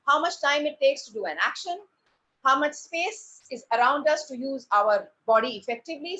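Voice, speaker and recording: Animated woman teacher, high voice. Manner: deliberate pauses and stressed words. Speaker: drama teacher. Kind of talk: presentation to parents. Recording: dull lo-fi recording.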